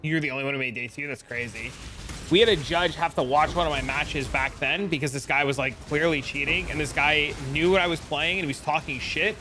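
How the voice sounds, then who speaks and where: A man's voice: on the high side, a little fast, over music. A man from New Jersey streaming a game, chatting casually and telling long, profane anecdotes. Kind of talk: casual livestream chat and storytelling.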